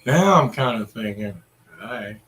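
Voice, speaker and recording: A man's voice: fairly low pitch, expressive, unhurried, fairly bright tone. A middle-aged man, ranting casually in a crude, profane, rambling way. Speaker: vlogger.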